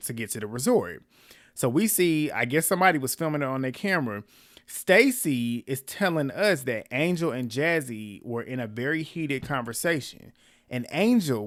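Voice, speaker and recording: A man's voice: mid-range voice, no echo, clean studio sound. Gossipy man recapping reality TV. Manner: animated, gossipy storytelling with frequent laughs. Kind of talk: casual episode recap.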